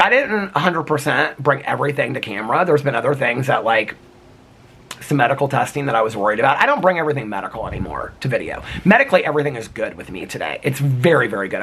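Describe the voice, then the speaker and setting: A man's voice: mid-range voice, a bit bright, husky. A man vlogging outdoors in the cold, talking to camera in an earnest, rambling way with lots of "like" and restarts. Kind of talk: casual reflective talk to camera.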